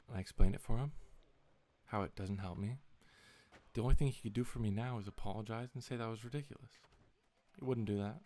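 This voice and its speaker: A man's voice: lowish voice, fast talker, warm tone. A young man in a casual, rambling vlog, retelling a story in an exasperated tone with lots of swearing. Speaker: vlogger.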